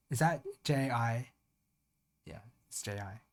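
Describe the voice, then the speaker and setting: Slow, muttering streamer sounding out words. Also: medium pitch. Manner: slowly sounding out foreign words syllable by syllable; thinking aloud, trailing off into mutters. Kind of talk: casual live-stream talk while practicing Japanese.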